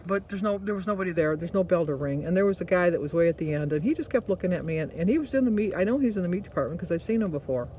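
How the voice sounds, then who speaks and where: Mellow-voiced woman giving casual pep talk. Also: lowish voice, very fast, few pauses, slight background noise. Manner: rambling storytelling with self-corrections. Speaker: vlog host. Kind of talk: casual motivational chat.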